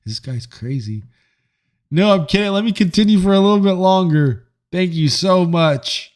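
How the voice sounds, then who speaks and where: A man's voice: high-pitched, fairly even intonation, normal speed, a little mellow, smooth. Joking, profane streamer guy. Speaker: livestream host reading chat. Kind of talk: casual live-stream chat.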